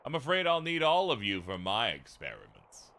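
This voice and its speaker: A man's voice: medium pitch, huge pitch swings, normal speed, bright, forceful tone, heavily acted. A man voicing a sly, creepy male scientist who gloats and taunts, reading game dialogue aloud. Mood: gloating. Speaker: let's play streamer reading dialogue.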